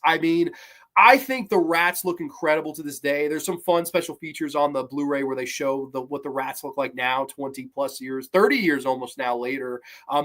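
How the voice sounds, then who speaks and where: A man's voice: on the high side, a bit bright. A man hosting a podcast, reviewing horror films casually with enthusiastic, rambling talk full of fillers and mock-quoted lines. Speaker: podcast host.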